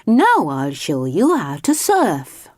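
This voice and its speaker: A woman's voice: lowish voice, huge pitch swings, slow, a little mellow, dry recording, clean studio sound, exaggerated voice. Woman doing a cheerful, mischievous young helper. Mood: chirpy.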